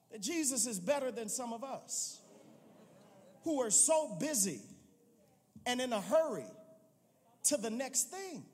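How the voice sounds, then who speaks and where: A male pastor preaching a sermon, telling the story with animated, playful asides and building to emphatic calls. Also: extremely high pitch, slightly rough. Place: church sanctuary. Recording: long reverb in a large sanctuary.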